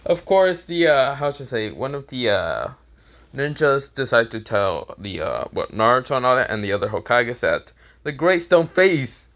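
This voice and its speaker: Rambling, bright-voiced male storyteller. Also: mid-range voice, very animated, moderate pace. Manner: rambling, stops for lost words, laughs at own jokes. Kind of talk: casual fan-fiction storytelling.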